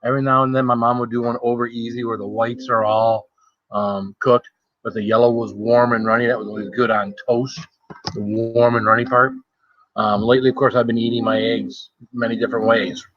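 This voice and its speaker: A man talking casually on a live stream, rambling from one thought to the next and greeting viewers by name. His voice sits at an ordinary pitch and sounds close and dry. The sound is a little dull and lo-fi. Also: little pitch movement, brisk, no echo. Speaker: food challenge livestreamer. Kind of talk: casual live-stream chat while eating.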